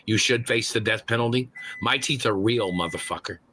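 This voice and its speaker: A man calling into a livestream, ranting angrily with constant cursing and shouted accusations. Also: mid-range voice, fairly even intonation, normal speed, a little hiss or hum. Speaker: caller on a livestream. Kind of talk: angry profane rant.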